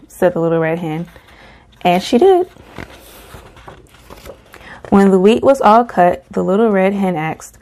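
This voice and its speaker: A woman reading a children's picture book aloud at a slow, gentle pace. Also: mid-range voice, expressive. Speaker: storybook reader.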